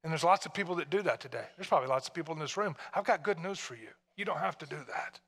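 A pastor from Tennessee preaching a sermon in a conversational way, full of rhetorical questions to the congregation. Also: male voice, on the high side, expressive, racing, fairly bright tone, slightly rough, long reverb tail.

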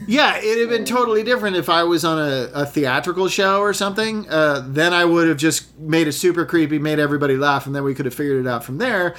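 A man's voice: on the high side, fast, few pauses. A man who works as an actor, chatting casually and telling stories with lots of restarts. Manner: rambling, restarts, animated storytelling. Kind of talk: casual podcast chat.

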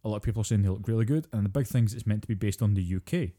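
A man's voice: lowish voice, racing, mellow. A Scottish man co-hosting a podcast, chatting casually and ranting with plenty of swearing. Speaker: podcast co-host.

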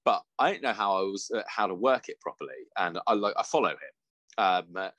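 A man's voice: on the low side, fairly quick, fairly bright tone, no room sound. A man co-hosting a casual podcast chat, laughing often, swearing freely and slipping into mock voices. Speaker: podcast co-host.

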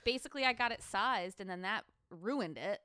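A woman co-hosts a podcast in loose, casual chat, swearing freely and laughing often. Her voice is bright and forward, recorded close on a dry mic with no room sound. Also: medium pitch, animated, normal speed, no room sound. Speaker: podcast co-host.

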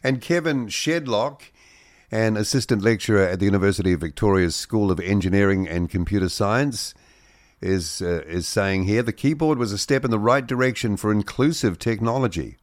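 Dry-voiced New radio host. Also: male voice, on the low side, normal speed, dry recording. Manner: reads headlines with joking asides and mock voices. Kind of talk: wry news-roundup commentary on radio. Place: radio studio.

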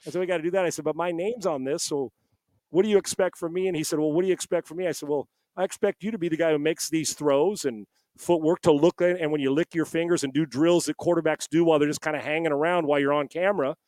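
A man's voice: fairly high pitch, steady tone, fast, darkish tone, no room sound. A middle-aged man, a guest on a podcast, telling a long story from home over a headset. He acts out the quoted dialogue as he goes. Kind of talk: casual storytelling.

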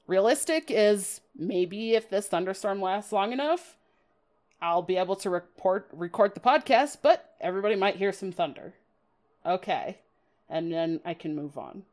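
With a medium-pitched, slightly mellow voice at a moderate pace, the podcast host talks card game strategy in a chatty way. She jokes about herself, laughs plenty and adds dramatic quoted asides.

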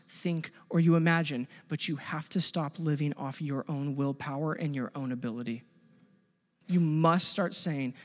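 A male pastor preaching a sermon, impassioned, swinging between loud pleading and hushed intensity. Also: fairly high pitch, expressive, moderate pace, in a large hall.

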